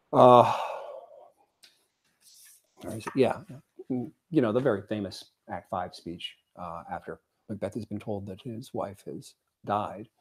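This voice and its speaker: A man giving a Buddhist dharma talk at a zen center, speaking haltingly with many fillers and reading quotations aloud. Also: lowish voice, breathy edge. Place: zen center meditation hall.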